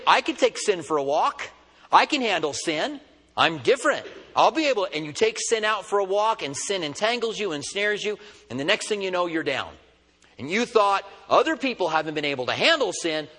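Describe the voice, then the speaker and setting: A man preaching a sermon, telling a funny story with animated delivery. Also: high-pitched, long reverb tail. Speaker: pastor. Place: church.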